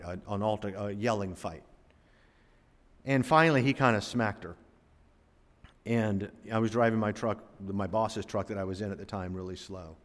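A man from Florida preaches to his congregation in a relaxed, storytelling way and speaks to them directly. His voice sits at an ordinary middle pitch for a man. Each line rings out in the long reverb of a church sanctuary. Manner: folksy and conversational, addresses the congregation directly. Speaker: pastor. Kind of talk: storytelling sermon.

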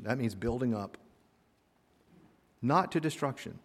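A male pastor preaching a sermon, swinging from quiet asides to loud, rising exhortation. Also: mid-range voice, animated, normal speed, pauses often. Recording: long hall reverb.

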